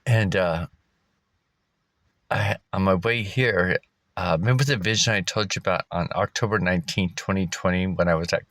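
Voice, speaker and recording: A man's voice: low-pitched, normal speed, a bit bright, no room sound. A man vlogging from a park, talking in a loose, rambling way with fillers and chuckles. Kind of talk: casual rambling vlog. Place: outdoors at a park.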